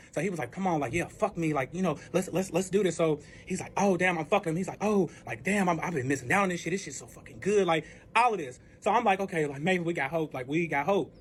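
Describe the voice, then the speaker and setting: A man whose voice sits high shares a personal story, profane and full of filler words. He acts out both sides of the dialogue as he goes, with slight background noise in the clip.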